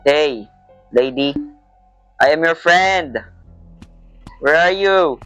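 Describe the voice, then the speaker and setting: Guy doing horror game commentary, slow drawl, highish voice, faint music behind. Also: clean tone, no room sound, poor audio. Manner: jumpy and excitable, yelps and shouts at scares. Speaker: gamer playing a horror game. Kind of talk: let's play commentary, mixing Tagalog and English.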